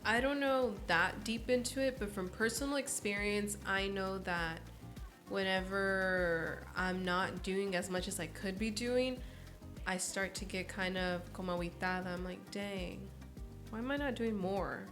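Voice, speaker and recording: A woman's voice: medium pitch, fairly even intonation, a little slow, fairly bright tone, soft background music. A woman in her early twenties, a podcast guest chatting casually and telling stories expressively, acting out quoted voices. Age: early 20s. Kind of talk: casual interview chat.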